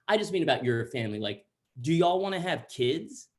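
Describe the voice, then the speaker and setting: A man's voice: a little high, sing-song. A man voicing a flustered casting director who cuts in and apologizes in a rush. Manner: hurried, stammering apologies.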